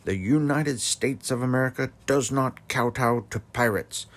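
A man playing a stern president, forceful and high-pitched. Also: unhurried, natural voice. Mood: stern resolve. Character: stern male president addressing the nation.

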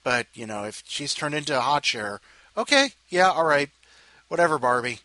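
A man's voice: on the high side, lively intonation, normal speed, bright, forceful tone, no echo. A man hosting a show, chatting casually with jokey asides and apologies between readers. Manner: self-interrupting, jokey asides, apologizes often. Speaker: host introducing readers. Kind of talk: rambling casual chat.

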